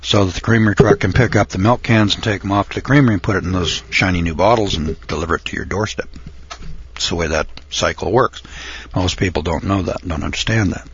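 An older man telling a folksy, rambling story from his youth, often pausing with uh and clearing his throat. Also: sits low, lo-fi sound, slight background noise. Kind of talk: folksy spoken reminiscence.

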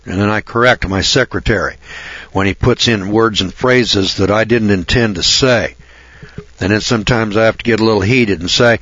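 Low-voiced man preaching a folksy sermon. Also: normal speed, fairly bright tone, no echo. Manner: folksy, emphatic, repeats key phrases. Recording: dull, dry lo-fi recording.

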